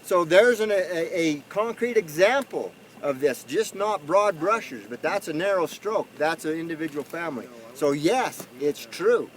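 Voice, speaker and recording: A man's voice: fairly high pitch, expressive, measured pace, hardly any pauses, low-quality recording. A man with a drawl, a rancher answering reporters at an outdoor press conference, talking in a folksy, earnest way that turns emphatic.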